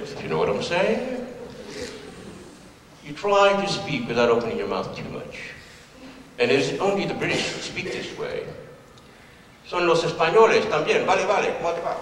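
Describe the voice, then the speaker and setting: A man's voice: fairly high pitch, fairly bright tone, a little hiss or hum. A man in his seventies, a playwright from the United States, giving a humorous, anecdotal lecture to an audience in a large hall, recorded from a distance. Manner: humorous, anecdotal, plays voices. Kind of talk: public lecture. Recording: echoey hall from far off.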